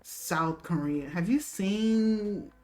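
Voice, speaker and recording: Speaking very slowly in a medium-pitched, somewhat mellow voice, a woman co-hosts a relaxed chat show reacting to a video. She laughs a lot, and her chatter is loose, packed with fillers and restarts.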